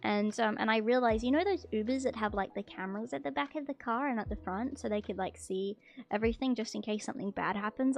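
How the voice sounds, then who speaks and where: A woman VTuber streamer chatting casually with her viewers as she reads their confessions, breaking into excited gasps and loud protests. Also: a little high, brisk.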